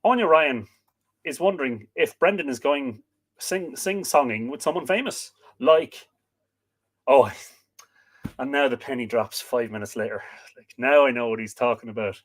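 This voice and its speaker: A man's voice: medium pitch, moderate pace, pauses often. Irish man chatting on a livestream. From Ireland. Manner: chatty, reads out names and greetings with frequent fillers. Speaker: livestream host. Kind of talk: casual livestream chat, reading viewer comments. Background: dog barking at times.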